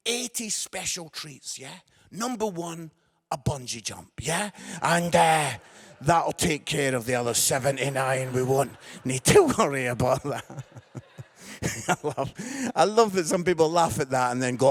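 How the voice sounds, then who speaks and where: A middle-aged man tells funny stories from the stage as a preacher. His voice sits high and carries a gravelly crackle. He swings between loud shouts and quiet asides. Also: measured pace. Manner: animated, shouting for effect, lots of tag questions. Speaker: comedian evangelist. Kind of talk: comic storytelling sermon.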